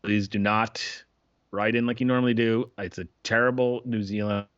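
A man co-hosting a podcast in casual chat, excitable and profane, rambling with lots of restarts. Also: on the low side, normal speed, smooth. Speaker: podcast co-host. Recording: dull lo-fi podcast audio.

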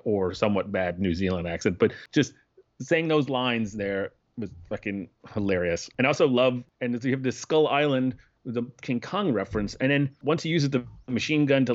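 A man co-hosting a podcast, chatting casually about a film, rambling and breaking off his sentences, often laughing. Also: medium pitch. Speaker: podcast co-host. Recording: dull lo-fi sound.

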